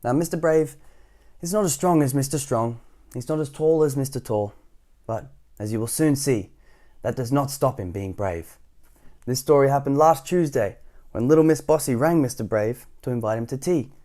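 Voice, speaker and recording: A man's voice: mid-range voice, moderate pace, dark tone. A man hosting storytime, reading a children's picture book aloud with casual asides to young listeners. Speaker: storytime host.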